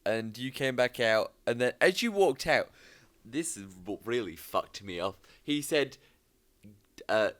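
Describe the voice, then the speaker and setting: A teenage boy, co-hosting a podcast and telling a story in an animated, sweary way, laughing often. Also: medium pitch, unhurried. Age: teens. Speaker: podcast co-host. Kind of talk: casual storytelling chat.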